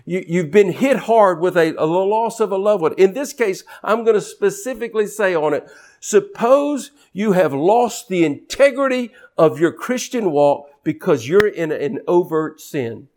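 Unhurried and with lively intonation, a man delivers a fervent sermon. He drives his points home through repetition, shifting from hushed, low stretches up to soaring, emphatic peaks.

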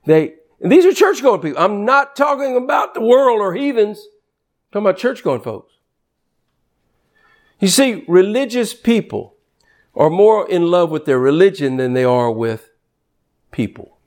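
A man preaching a sermon in an animated, conversational way, reading scripture quickly and jumping sharply in pitch for emphasis. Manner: reads scripture aloud quickly.

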